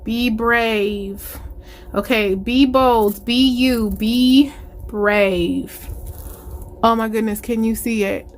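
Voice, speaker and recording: A woman, gushing with excitement as she unboxes planner supplies and chats to her viewers. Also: a little high, extremely slow. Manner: gushing, excitable, exclamations of delight. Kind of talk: casual unboxing chat to viewers.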